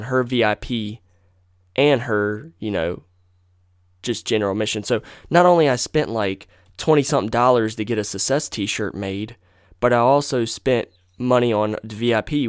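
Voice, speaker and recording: A young podcast host tells a story in a rambling, casual, profane way, correcting himself as he goes. His voice is on the low side, and the clean studio sound has no room echo.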